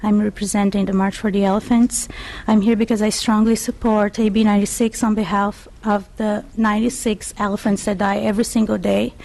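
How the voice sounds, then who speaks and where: A woman's voice: mid-range voice, flat delivery, fairly quick, vocal fry, a little mellow, rough recording. A woman giving brief, impassioned public testimony at a hearing. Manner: firm, impassioned. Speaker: public commenter.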